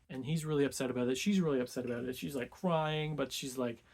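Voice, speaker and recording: Male book-club host, easygoing conversational summary, filler-heavy and relaxed. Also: medium pitch, fast. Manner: laid-back, peppers speech with "like".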